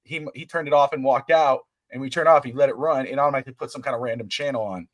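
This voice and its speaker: A man hosting a casual sports podcast over a live stream, animated and laughing, swearing freely. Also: mid-range voice, fast, no echo. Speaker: podcast host. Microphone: live stream call.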